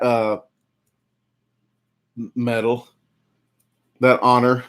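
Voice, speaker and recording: A man's voice: medium pitch, normal speed. Man, casual stream host, rambling, just ate a huge meal. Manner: rambling, chatty, reads out viewer names; full and sluggish after a big eating challenge. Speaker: competitive eater streaming a live chat. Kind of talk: casual live-stream chat.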